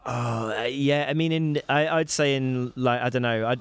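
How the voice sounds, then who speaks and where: A man's voice: medium pitch, normal speed, clear, resonant tone, no room sound. A man co-hosting a comedy podcast, rambling and hesitant in casual jokey chat. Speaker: podcast co-host.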